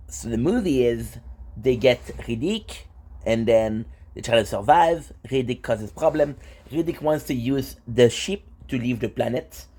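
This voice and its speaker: A man's voice: medium pitch, mellow. A young man talking casually in a vlog, rambling with fillers and restarts. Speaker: vlogger.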